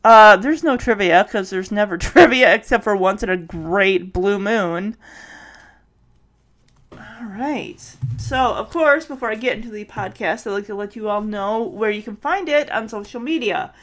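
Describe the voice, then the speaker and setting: A woman's voice: mid-range voice, expressive, unhurried, fairly bright tone. A woman hosting a casual solo podcast, thinking aloud with many restarts and sounding tired. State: tired, yawning. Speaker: podcast host.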